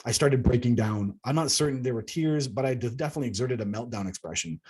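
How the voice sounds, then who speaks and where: A man reads his own memoir aloud in a husky, breathy voice at an ordinary pitch. He is earnest and steps out of the text for casual asides. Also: fast talker, darkish tone. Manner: earnest, breaks into laughs at himself. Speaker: author.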